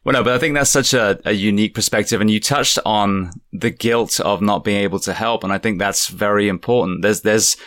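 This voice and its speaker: A man hosts a podcast in a loose, conversational way, often stumbling and repeating words as he works through his thoughts. His voice is very deep. The sound is dry, with no trace of room echo. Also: fairly quick, hardly any pauses, a bit bright. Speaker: podcast host. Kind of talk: casual interview chat.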